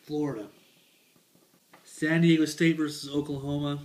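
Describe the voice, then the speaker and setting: A man doing casual comedic sports commentary, picking tournament games with deadpan, rambling asides. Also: fairly high pitch, a little fast. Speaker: bracket picker.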